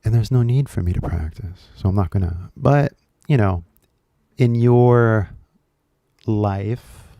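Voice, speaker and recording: A man's voice: on the low side, slow, long pauses, dry recording, highs cut off. A man with a Californian accent, casually chatting to camera as the host of an English-learning video, rambling and jokey with lots of fillers.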